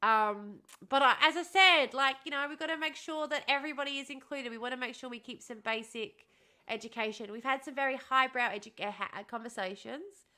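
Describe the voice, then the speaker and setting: Speaking a little fast in a high, pushed and bright voice, a woman runs a casual livestream. She reads her chat and responds to viewers, laughing often and tossing in sarcastic asides.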